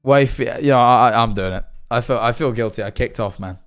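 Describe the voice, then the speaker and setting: A man's voice: medium pitch, a little fast, fairly bright tone, clean tone, soft background music. Rambling man streaming ghost videos. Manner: rambling, filler-heavy, swings from worked-up to sheepish. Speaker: livestreamer reacting to videos. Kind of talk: casual live-stream commentary.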